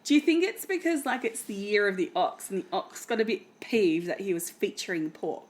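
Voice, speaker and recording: A woman co-hosting a podcast in casual chat, playful and quick with puns. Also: mid-range voice, big pitch swings. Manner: playful, punning, giggly. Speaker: podcast co-host.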